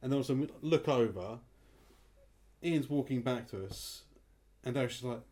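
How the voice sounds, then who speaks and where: A man chatting casually on a podcast, telling a game story in an animated way and swearing freely. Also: medium pitch, moderate pace. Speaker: podcast co-host. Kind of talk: casual chat.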